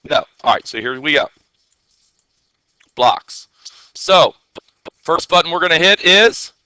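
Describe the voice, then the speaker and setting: A man's voice: on the high side, sharp tone, clean tone, no echo. A man teaching a classroom coding lesson, asking his students questions and answering them himself.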